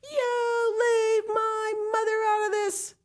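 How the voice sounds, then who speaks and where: A woman voicing a brave, dramatic little boy who shouts his lines in a high, shrill voice. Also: flat delivery, slow pace. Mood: furious. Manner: shrill, theatrical outbursts. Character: brave small boy hero, proud and dramatic.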